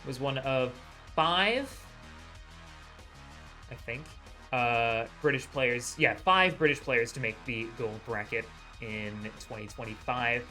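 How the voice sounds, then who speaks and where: Bright-voiced joking esports commentator man. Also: mid-range voice, slow, soft background music. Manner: joking, self-deprecating; announcer-style hype on countdowns. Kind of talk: live play-by-play commentary.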